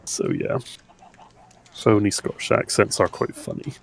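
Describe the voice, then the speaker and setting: A man's voice: on the low side, measured pace, gravelly, rough recording. A young man in casual gaming chat, talking while playing, chatty and laughing often. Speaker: let's play co-host.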